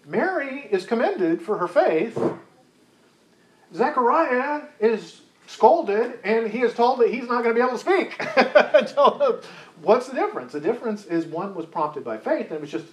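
A man teaching a Bible study in a chatty, conversational way, asking his group questions as he goes. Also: sits high. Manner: chatty, asks the group questions, many restarts. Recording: roomy echo, faint background hiss.

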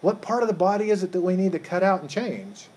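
A man's voice: high voice, lively intonation, fast, darkish tone. A man leading an interactive Bible study, quizzing his group and often repeating words as he rephrases.

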